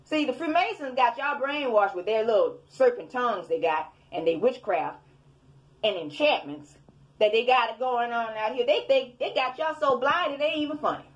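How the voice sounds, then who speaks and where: A woman's voice: fairly high pitch, animated, normal speed. A woman preaching in a fiery, scolding rant at her online commenters, repeating her points. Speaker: self-styled preacher.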